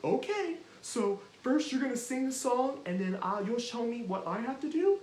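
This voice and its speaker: A man's voice: extremely high pitch, expressive, moderate pace, darkish tone, roomy sound, a little hiss or hum, voice pushed up, poor audio. A man voicing an eager, curious young male hand puppet who talks hesitantly and asks questions, with a children's show feel. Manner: hesitant, questioning, easily impressed.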